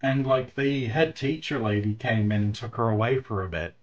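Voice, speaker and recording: A man's voice: medium pitch, normal speed, highs cut off. A man streaming while he draws, chatting casually with viewers, thanking them and telling stories with plenty of laughter. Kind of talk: casual chat while drawing.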